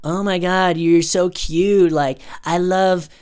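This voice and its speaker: Gushing pushy lady boss, slow emphatic compliments, quoted by a man. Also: high voice, steady tone, darkish tone, smooth.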